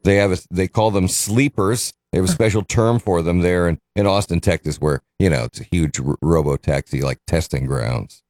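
Lowish guy on morning radio, rambly chatty host, dry studio sound. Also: moderate pace, darkish tone, no room sound. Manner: rambling, self-correcting, chuckles. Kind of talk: casual morning radio chat.

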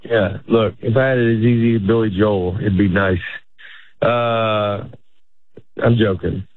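A man's voice: on the low side, steady tone, a little slow, no echo. Man, middle-aged comedian, loose rambling chat, thin phone-like sound, very dry. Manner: rambling, self-interrupting, laughs often. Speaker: stand-up comedian guest. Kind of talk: casual interview chat.

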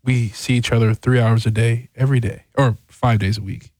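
Man, co-host, mid pitch, playful joking banter, dry studio mic. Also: fairly even intonation, normal speed, a little mellow, no room sound. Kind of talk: casual on-air banter.

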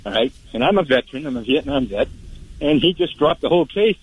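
A man's voice: on the high side, lively intonation, quick pace, breathy edge, poor audio. A man in his seventies calling into a radio show, emphatically complaining about how he was treated. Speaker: caller. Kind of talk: call-in radio chat.

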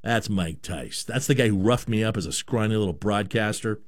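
A man's voice: fairly low pitch, normal speed, hardly any pauses, no echo. A man born in Canada hosting a sports talk show, giving a rambling, opinionated monologue with lots of repeated words.

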